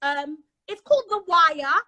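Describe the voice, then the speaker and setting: A woman's voice: high-pitched, lively intonation, measured pace, heavy background noise. A British woman telling a personal story in casual chat, acting out the dialogue as she goes. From Britain. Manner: chatty, dramatic, acts out quoted dialogue. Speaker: guest.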